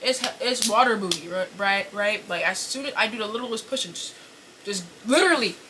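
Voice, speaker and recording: A young woman hosting a podcast, telling an embarrassing story to camera in a casual, animated, profane way, full of fillers and apologies. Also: mid-range voice, brisk, noisy background. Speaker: podcast host. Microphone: camera set up in front of her.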